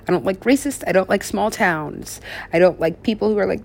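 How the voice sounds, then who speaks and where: A woman in a drifting, confessional monologue, halting and restarting, who drops into soft whispers and then rises into louder bursts. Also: gravelly, husky. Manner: drifting, halting, swings between low mumbles and sudden louder bursts.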